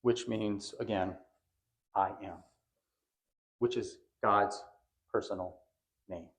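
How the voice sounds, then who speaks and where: A man's voice: fairly low pitch, steady tone, slow pace, a bit bright. A male pastor preaching a sermon in a church, with a conversational but emphatic delivery that leans on repeated phrases. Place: church sanctuary.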